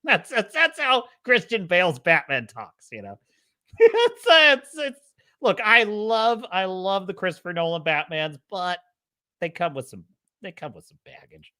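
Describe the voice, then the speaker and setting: A man hosting a casual livestream, rambling and excitable, quick to laugh. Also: high voice. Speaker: show host.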